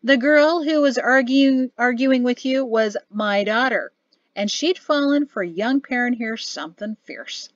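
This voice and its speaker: A woman voicing a hearty, boastful older male general who teases and barks his words loudly. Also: unhurried, no echo, dull audio, natural voice. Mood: jovial. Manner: booming, barking laughter.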